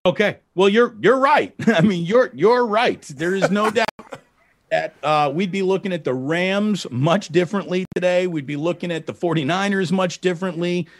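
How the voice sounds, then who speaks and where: A man's voice: high-pitched, moderate pace, no room sound. A man from the San Francisco area, a guest sports broadcaster, telling stories animatedly and laughing easily in casual chat. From San Francisco Bay Area.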